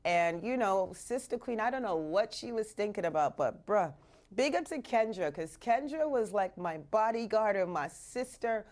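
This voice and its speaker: A woman's voice: medium pitch, animated, normal speed, darkish tone. A woman from Canada hosting a live radio show, talking casually and animatedly, slipping in Jamaican patois phrases, from a radio studio.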